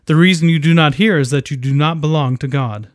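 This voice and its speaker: A man giving a scripted devotional Bible teaching in a measured, earnest way, reading scripture aloud. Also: fairly high pitch, no echo, clean studio sound.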